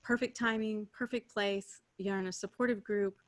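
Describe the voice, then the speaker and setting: A woman hosting a casual spiritual chat, speaking in a warm, affirming way with frequent fillers. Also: mid-range voice, steady tone, moderate pace. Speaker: host.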